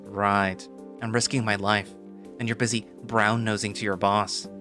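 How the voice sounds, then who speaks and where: A man's voice: on the low side, level tone, measured pace, close to an everyday voice. A man doing a bitter sarcastic young fighter. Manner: sarcastic, biting. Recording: voice over loud background music.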